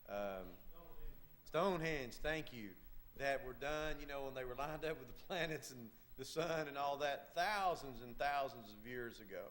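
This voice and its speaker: A man preaching a sermon, emphatic and repetitive, with halting asides. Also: medium pitch, a bit bright.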